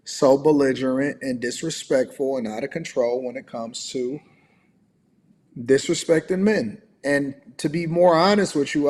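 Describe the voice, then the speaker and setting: Lecturing man with a reverberant sound. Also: mid-range voice. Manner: emphatic, lecturing. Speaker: livestream co-host. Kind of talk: opinionated livestream commentary.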